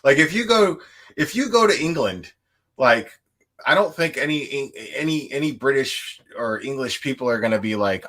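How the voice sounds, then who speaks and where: A man's voice: medium pitch, lively intonation, moderate pace, pushed and bright. A man hosting a true crime show, talking bluntly and casually, swearing and repeating himself. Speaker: true crime YouTube host. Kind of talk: casual podcast chat.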